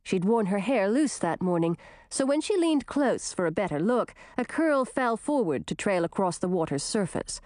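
Casting: female storybook narrator, lively melodic delivery, dry close mic. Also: mid-range voice, normal speed, no echo. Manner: expressive, storytelling. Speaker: audiobook narrator.

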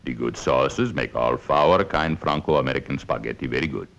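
A man's voice: a bass voice, normal speed, fairly bright tone. A man playing an immigrant father who teaches his child in broken English in an old TV commercial. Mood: teaching. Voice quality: broken English, thick put-on accent. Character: Italian-American papa teaching his child. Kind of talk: 1950s TV commercial acting. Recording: dull old TV soundtrack.

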